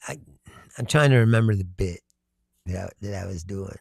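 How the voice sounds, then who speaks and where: A man from Kentucky, chatting casually with his viewers, telling loud stories and laughing often. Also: low-pitched, moderate pace, gravelly, no echo. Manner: laughing often, loud storytelling with sudden shouts. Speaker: comedian streamer. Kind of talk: casual chat with live chat.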